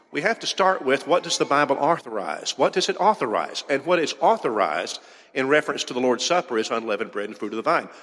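A man's voice: medium pitch, fairly bright tone. A man preaching a sermon from a church pulpit, pressing his points with repeated rhetorical questions. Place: church sanctuary. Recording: long hall reverb.

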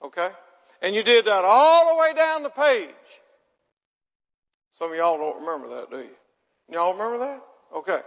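A man with a drawl delivers a homespun sermon in a high voice. He is chatty and self-deprecating and keeps checking in with the congregation. His voice carries a long, lingering reverb from a large hall. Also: sing-song, normal speed, pauses often, fairly bright tone. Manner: chatty, asks the audience questions, self-deprecating. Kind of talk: folksy sermon with audience banter.

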